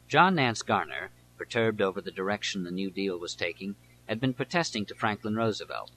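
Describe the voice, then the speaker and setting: Low, forceful male audiobook narrator. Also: lively intonation, slight background noise, poor audio. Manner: measured, deliberate reading. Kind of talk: scripted nonfiction narration.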